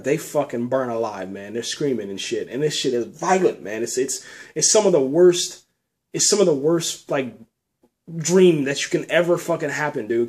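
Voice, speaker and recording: In a medium-pitched, slightly mellow voice, a man loosely recounts a nightmare. The storytelling is casual and wandering, thick with swearing and repeated "man" and "you know."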